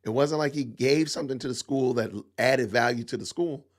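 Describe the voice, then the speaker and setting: Here a middle-aged man with a medium-pitched voice hosts a podcast at a brisk clip. He shares opinionated views, firing emphatic rhetorical questions and repeating himself frequently.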